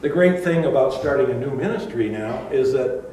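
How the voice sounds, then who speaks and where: A man's voice: medium pitch, lively intonation, normal speed, mellow, a little hiss or hum. Older man preaching in an echoey hall. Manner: conversational storytelling, with asides and fillers. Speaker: pastor. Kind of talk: sermon. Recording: echoey room, far from mic.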